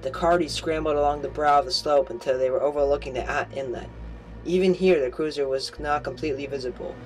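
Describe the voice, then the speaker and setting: A man's voice: fairly high pitch, quick pace, low-quality recording. A man reading a novel aloud as an amateur audiobook, stumbling and correcting himself as he goes. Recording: home recording with faint music.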